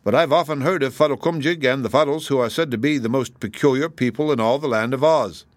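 A man voicing a mild, knowledgeable wizard in a calm, explanatory voice. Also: mid-range voice, fast, dry recording, voice pushed up, lightly acted.

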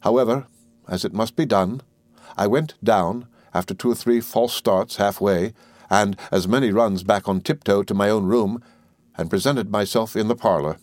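Brief: male narrator, lowish voice, measured storytelling, dry close sound. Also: darkish tone, dry recording. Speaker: audiobook narrator. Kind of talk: scripted narration.

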